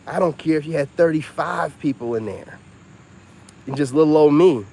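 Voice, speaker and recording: A man's voice: fairly high pitch, lively intonation, moderate pace, darkish tone. Brief: man in his 40s, live-stream host, cocky and preachy, faint crickets and traffic behind him. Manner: self-assured, preachy, talks to viewers directly. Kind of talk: casual live-stream monologue.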